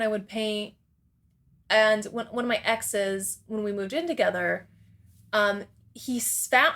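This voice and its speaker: A woman's voice: on the high side, a bit bright. A woman speaking as a guest in a casual interview, rambling and candid, swearing freely and laughing often between her thoughts.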